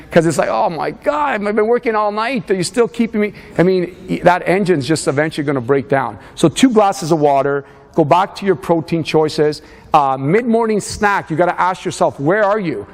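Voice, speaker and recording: A man leading a motivational fitness seminar, urging a live audience on with lots of energy. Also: on the high side. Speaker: fitness coach. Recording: reverberant hall.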